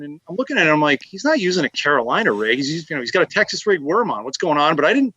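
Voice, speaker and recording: A male podcast guest telling stories in casual chat, animated and rambling, laughing as he goes. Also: on the high side, very fast, hardly any pauses, husky, no echo, highs cut off. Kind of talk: casual storytelling.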